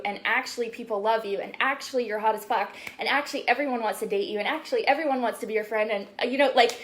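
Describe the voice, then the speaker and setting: A woman's voice: on the high side, a bit bright. A young woman spiritual coach talking casually on a live stream, chatty and full of "like"s and swearing. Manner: chatty, swears often, many "like"s.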